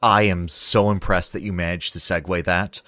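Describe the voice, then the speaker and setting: A man's voice: low-pitched, fairly even intonation, moderate pace, fairly bright tone, no room sound, studio quality. A man hosting a podcast in casual chat, playful and joking. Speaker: podcast host.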